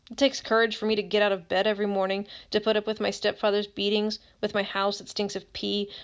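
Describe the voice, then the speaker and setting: A woman's voice: mid-range voice, smooth, natural voice. A woman reading as a bitter teenage boy. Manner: accusing, raw. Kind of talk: audiobook reading.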